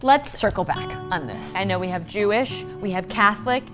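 Woman, upbeat wedding planner, businesslike, lively pitch, music playing behind. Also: normal speed. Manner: chipper and businesslike, steering the conversation. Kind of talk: scripted comedy sketch.

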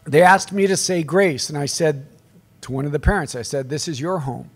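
A man's voice: on the high side, normal speed. A middle-aged man, a priest, giving a conference talk to a live audience, telling stories with humor and calling out to the crowd. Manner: conversational storytelling with humor and call-outs to the crowd.

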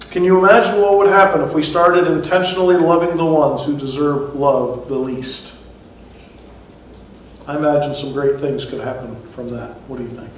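A man's voice: on the high side, steady tone, moderate pace. Man preaching in an echoey church. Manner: conversational, chuckles at his own asides. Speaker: pastor. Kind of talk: sermon. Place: church sanctuary. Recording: echoey church hall, mic far off.

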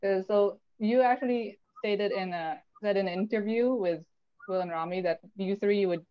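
A woman from the Philippines asks questions on a video call, pausing often and filling gaps with ums and likes. Her audio sounds dull and dry, with no room sound. Her pitch sits in a middle range. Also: smooth, no echo. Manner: hesitant, many fillers. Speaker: fan asking questions. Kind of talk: casual video chat. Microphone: video call mic.

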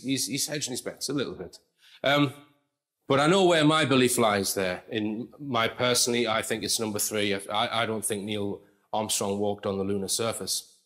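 A man's voice: mid-range voice, a bit bright. A man giving explanatory commentary in a conversational way, reading quotes aloud with asides.

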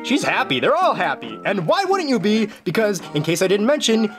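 Young male gaming host, playful and jokey, swooping lively delivery, light game music underneath. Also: high voice, a little fast. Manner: playful, jokey, animated exclamations. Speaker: gaming video journal host. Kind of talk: casual gameplay commentary.

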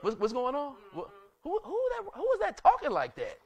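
A preacher putting on a bewildered, fearless young shepherd who stammers out disbelieving questions and keeps breaking into laughter. The voice sits very high and jumps around a lot. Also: male voice, wildly swooping pitch, moderate pace, a little mellow, heavily acted. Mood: incredulous.

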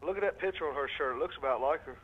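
A man's voice: on the high side, racing. A man calling in to a TV show and teasing the host. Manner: teasing, insulting. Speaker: caller. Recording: noisy phone line.

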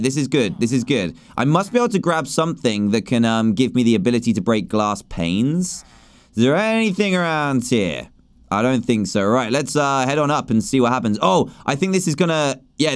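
Excitable man narrating his gameplay. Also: mid-range voice. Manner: excitable, animated, jumps between worry and cheering. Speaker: gaming video host. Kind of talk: let's play commentary.

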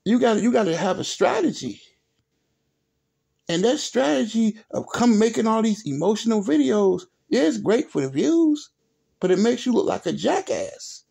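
A man's voice: high voice, sing-song, moderate pace, vocal fry, dark tone, breathy edge. A man hosting a sports vlog, ranting in an exasperated, repetitive, profane way with speech. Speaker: sports video host.

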